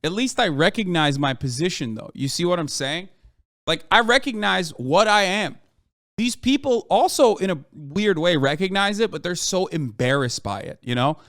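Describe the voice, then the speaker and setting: A man's voice: high voice, lively intonation, moderate pace, a bit bright, dry recording, studio quality. A man streaming a heated, profane and sarcastic rant reacting to the news. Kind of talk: ranting commentary.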